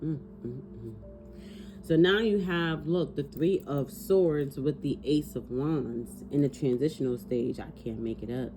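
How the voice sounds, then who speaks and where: Low-voiced, swearing tarot reader woman. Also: unhurried, over music. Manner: animated, swears freely, talks to spirit aloud. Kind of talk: casual spoken tarot reading.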